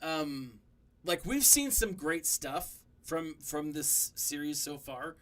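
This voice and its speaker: A young man hosting a casual review chat, animated and laughing, with lots of fillers like "um" and "like". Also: a little high, slow pace. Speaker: podcast host.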